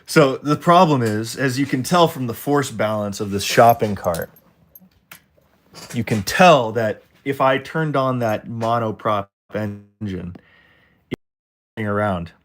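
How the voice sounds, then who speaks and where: The drawing streamer carries on his jokey, rambling livestream chat, speaking directly to viewers. This time his voice is mid-range and his pace slow.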